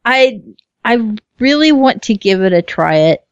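A woman's voice: on the high side, expressive, a little slow, no room sound. Chatty lady talking games, dry muffled mic, laughs a lot. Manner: chatty, laughs often, swears casually. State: hiccups. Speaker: game review co-host. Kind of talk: casual chat.

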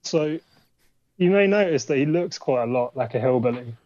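A man's voice: mid-range voice, animated, moderate pace, darkish tone, no echo. A man, an indie game developer guest, chatting casually on a podcast, rambling with lots of "like" fillers. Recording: dull dry lo-fi audio.

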